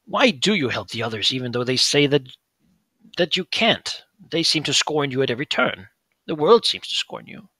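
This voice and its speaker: A man playing a calm scholarly older brother. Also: mid-range voice, breathy edge, dry recording, exaggerated voice. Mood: earnest. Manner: measured, earnest questioning.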